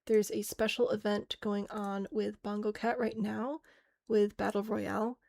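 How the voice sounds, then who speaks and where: Chatty woman streamer with vocal fry. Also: mid-range voice, little pitch movement, a little slow, a little mellow, no echo. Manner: chatty, thinking aloud, answering chat; self-mocking, laughs easily. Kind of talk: casual live-stream chat while playing.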